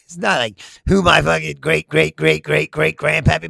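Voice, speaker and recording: In clean, echo-free studio audio, a middle-aged host of a laid-back political chat works through viewer comments. He answers them with laughing, profane, animated anecdotes in a creaky voice that sits on the high side, at a moderate pace.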